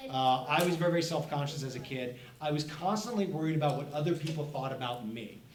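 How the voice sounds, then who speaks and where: Animated man telling stories in an echoey room. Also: a little high, quick pace. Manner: animated, playful storytelling. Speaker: comics author presenting. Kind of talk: storytelling presentation to children. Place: festival event room. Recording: echoey room, speaker far from mic, faint noise.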